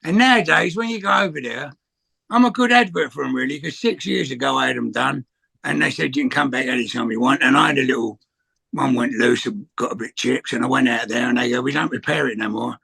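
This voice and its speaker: Gravelly sixty-something geezer, bright pushy voice, rambling cheeky stories. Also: male voice, medium pitch, brisk. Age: 60s. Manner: rambling anecdotes with swearing and acted quotes. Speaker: guest answering questions. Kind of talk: casual chat, storytelling.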